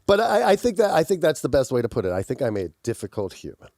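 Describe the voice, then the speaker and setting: Animated, intense-voiced man. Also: medium pitch, fast talker, dry recording. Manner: intense, aggressive-sounding when passionate; animated storytelling, laughs often. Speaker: podcast co-host. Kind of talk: casual chat.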